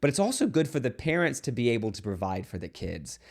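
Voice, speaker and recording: A man speaking as a Catholic priest in a relaxed video homily. His voice sits at an ordinary middle pitch, and he talks earnestly while tossing in light, playful asides. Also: quick pace. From United States.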